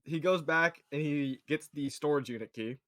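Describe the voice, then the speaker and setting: A podcast co-host, a man with a slightly bright voice on the high side, retells a TV episode at normal speed. His chat is loose and rambling, acting out scenes with quoted voices.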